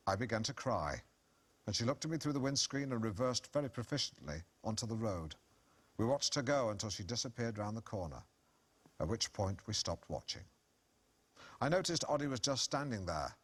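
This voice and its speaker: A middle-aged man reads from his own memoir to an audience, his voice sitting a little low. His manner is pompous and pleased with himself, delivered completely deadpan. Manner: pompous, self-satisfied, deadpan. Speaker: author at a book reading. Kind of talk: comic reading from his own book, then Q&A.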